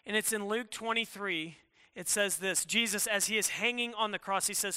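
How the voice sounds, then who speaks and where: Young male youth pastor, high bright crisp voice, reverberant hall; conversational sermon. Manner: conversational preaching with quick asides.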